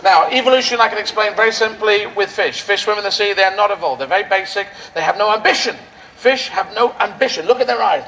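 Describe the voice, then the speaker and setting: A man performing a stand-up routine on an outdoor rally stage, with a rambling, surreal, playful delivery full of quick asides. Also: high-pitched, fairly bright tone, low-quality recording. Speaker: stand-up comedian.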